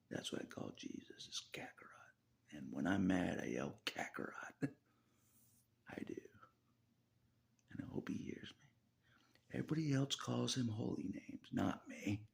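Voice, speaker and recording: A man's voice: fairly low pitch, gravelly. A man talking through a rambling personal monologue, chuckling often and dropping into half-whispered asides. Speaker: vlogger.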